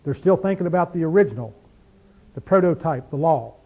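A man teaching a Bible study like a sermon, fervent, firing rhetorical questions and dropping from loud to hushed. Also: a little high, animated, a little fast, phone-quality sound.

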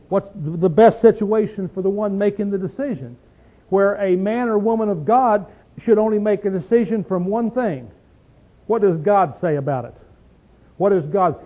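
A high-pitched man leads a Bible study in plain, folksy talk, pressing each point with rhetorical questions. He clears his throat now and then. The sound is thin and tinny, like a phone line. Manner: folksy, emphatic, asks rhetorical questions like "see?" and "okay?". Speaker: preacher teaching a Bible study. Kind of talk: conversational Bible teaching.

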